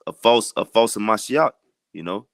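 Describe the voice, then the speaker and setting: A man's voice: fairly low pitch, animated, a little slow, gravelly, no room sound. A man teaching scripture in a casual, repetitive way, building to emphatic questions. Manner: loose, repetitive, rising to emphatic challenges. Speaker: bible study teacher.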